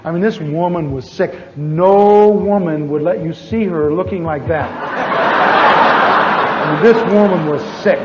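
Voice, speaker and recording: A preacher telling a personal testimony in a sermon, animated and chuckling, repeating his words for effect. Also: fairly high pitch, measured pace, heavy background noise. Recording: dull lo-fi audio with long hall reverb.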